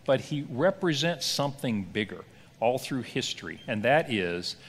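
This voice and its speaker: A man who is a pastor, teaching a Bible class as an animated, conversational storyteller who asks rhetorical questions. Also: medium pitch, moderate pace, husky, in a large hall. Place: church hall or classroom.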